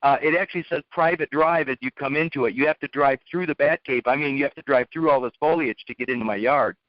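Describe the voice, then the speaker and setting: A man's voice: mid-range voice, fast, no echo. A man telling a rambling story to make a point, blunt, often repeating and restarting his words. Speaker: speaker telling a lesson story. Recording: dull lo-fi, dry.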